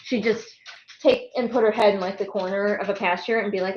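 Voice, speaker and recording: A woman's voice: medium pitch, fairly even intonation, brisk, highs cut off. Chatty woman streamer, laughing often. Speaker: streamer and writer. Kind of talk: casual chat on a birthday live stream. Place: home with pets.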